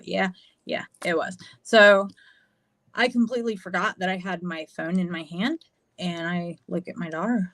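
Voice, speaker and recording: A woman's voice: on the low side, steady tone, moderate pace, bright, forceful tone, dry recording. Female guest, American, casual storyteller, frank and profane, dry sound. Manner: candid, swearing, lots of fillers. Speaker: podcast guest.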